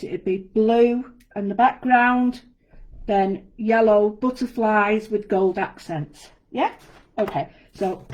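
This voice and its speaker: A woman leads a live craft demonstration, explaining each step in a chatty, friendly way. Her voice sits a little high, with a mellow, warm tone. She talks from an indoor studio. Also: rough recording. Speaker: guest designer demonstrating a craft.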